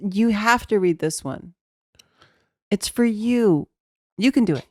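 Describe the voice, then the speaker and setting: A woman's voice: medium pitch, expressive, a little slow, a little mellow, dry recording, clean studio sound. A woman co-hosting a casual chat podcast, chatty and teasing, laughing often. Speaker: podcast co-host.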